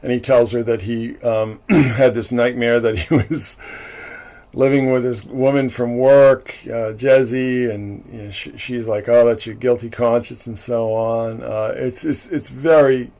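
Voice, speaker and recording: A man's voice: medium pitch, steady tone, unhurried, warm tone. A man hosting a livestream, recapping a film in a casual, rambling way with many restarts and frequent chuckles. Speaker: livestream host. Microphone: livestream mic.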